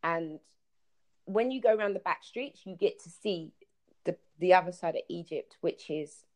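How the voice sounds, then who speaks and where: Animated woman telling travel stories. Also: on the low side, normal speed. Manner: animated storyteller, acts out quotes. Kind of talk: casual podcast chat.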